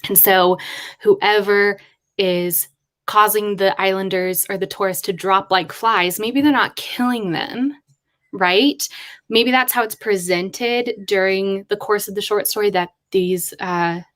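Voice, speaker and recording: A woman writer chatting casually on a live stream, thinking aloud in a rambling way with quick asides. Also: mid-range voice, steady tone, a bit bright. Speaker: writer livestreaming with chat.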